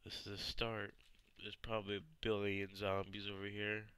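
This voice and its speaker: A man giving excitable let's play commentary on his gameplay. He swears and yells at the zombies as he plays. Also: on the low side, moderate pace, clean tone, dry recording.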